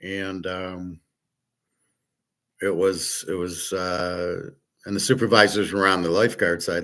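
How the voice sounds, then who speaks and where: A man's voice: low voice, level tone, takes it slowly, pauses often, bright, forceful tone. A man hosting a casual monologue, rambling through a story with restarts and acted-out quotes. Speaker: host.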